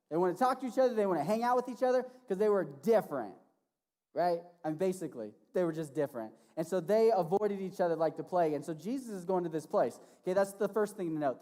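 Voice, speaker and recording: A man preaching as a youth pastor to teenagers, casual and animated, often checking in with "right?". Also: high voice. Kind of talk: sermon to teenagers. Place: church hall. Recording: long reverb of a large hall.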